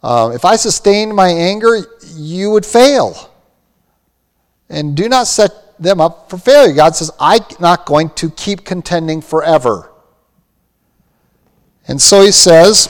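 High-voiced preaching man, echoey hall. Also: expressive, slow pace, long pauses. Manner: earnest preaching, quoting scripture. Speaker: pastor. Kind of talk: sermon.

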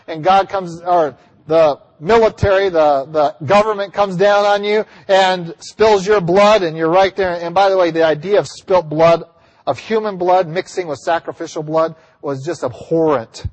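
High-voiced emphatic preacher in a reverberant hall. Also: male voice. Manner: emphatic, rising to near-yells on key lines. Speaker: pastor. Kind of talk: sermon.

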